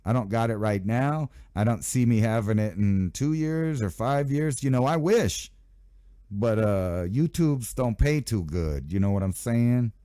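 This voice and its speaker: A man's voice: medium pitch, expressive, measured pace, dark tone, dry recording, clean studio sound. A man hosting his own channel, riffing casually and sarcastically on news headlines. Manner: rambling, sarcastic asides, mock voices of officials. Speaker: channel host.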